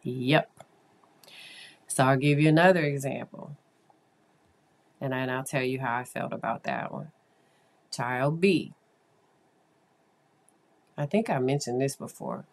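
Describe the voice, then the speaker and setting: A woman therapist telling a story to her listeners in a casual monologue, animated and confiding, with asides to them. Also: a bass voice, takes it slowly, long pauses.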